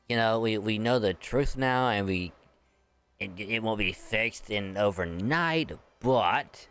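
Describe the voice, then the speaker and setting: A man's voice: lowish voice, slow, a bit bright, clean tone, faint music behind. Rambling, stammering male streamer. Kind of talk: casual gaming commentary.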